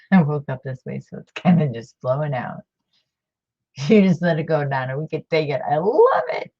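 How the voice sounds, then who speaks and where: A woman's voice: deep voice, moderate pace, pauses often, lo-fi sound. A woman talking casually as she shows off books from her collection, chatty and gushing over each find. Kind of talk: casual vlog show-and-tell.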